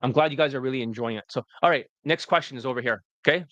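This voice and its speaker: A man's voice: mid-range voice, rapid-fire, fairly bright tone, no echo, dull audio. A man coaching on a casual live stream, reading answers aloud, cursing at slips and retaking lines, with "right?" tossed in often. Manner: cusses freely, asks "right?" as he talks. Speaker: dating coach.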